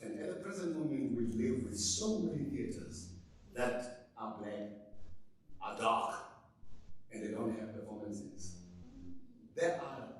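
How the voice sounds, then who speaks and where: A man's voice: mid-range voice, expressive, a little slow, pauses often, a little hiss or hum. A man giving a rambling, informal memorial speech in a theater, breaking into sudden emphatic bursts. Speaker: speaker at a memorial service. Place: theater auditorium. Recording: echoey theater hall, mic at a distance.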